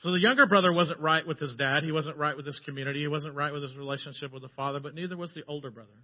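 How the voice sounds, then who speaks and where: A man preaching a sermon, telling the story with animated shifts between loud passages and hushed ones. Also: fairly high pitch, very fast, dull audio.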